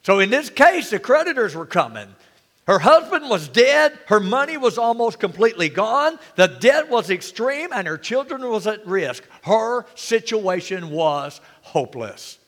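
Man, pastor, lively swooping sermon, bright voice, long church reverb. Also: sits high. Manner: animated preaching with rhetorical questions and calls for amen.

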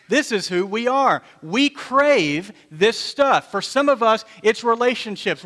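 A man's voice: high voice, a bit bright. A man in his fifties, a pastor, preaching a sermon in a conversational, storytelling way with repeated phrases. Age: 50s. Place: church sanctuary. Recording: long reverb of a church hall.

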